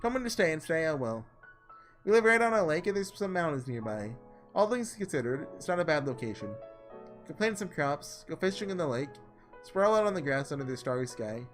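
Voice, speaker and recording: A man voicing a gentle, easygoing young man in a visual novel, read in his own relaxed voice. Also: on the high side, brisk, faint music behind, natural voice. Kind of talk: reading visual novel lines aloud.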